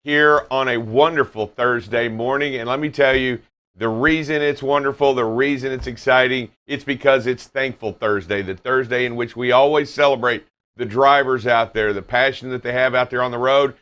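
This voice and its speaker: A man's voice: mid-range voice, fairly even intonation, normal speed, a bit bright. A man hosting a live morning talk program with a mid-range voice. He opens in an upbeat announcer style, then settles into easy, casual banter with his co-host. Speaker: radio show host.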